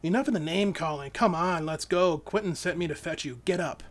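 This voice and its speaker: A man's voice: fairly high pitch, fairly quick, soft background music, pitched above the performer's own voice, lightly acted. A man voicing a cruel, playful female villain in a storybook reading, with a mocking, teasing delivery. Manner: mocking, teasing sing-song lines.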